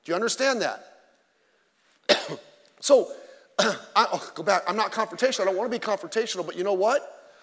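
A man's voice: sits high, animated, brisk, long pauses, big-room sound. A male pastor preaching a sermon in an emphatic, conversational way, mixing in self-deprecating jokes.

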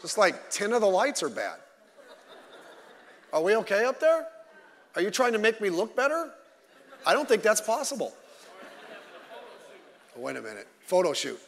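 A man's voice: high-pitched, huge pitch swings, normal speed, creaky, pauses often, a bit bright. Man preaching in a reverberant church. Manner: conversational with jokes to the congregation. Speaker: pastor. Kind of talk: sermon. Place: church sanctuary. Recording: long reverb of a large hall.

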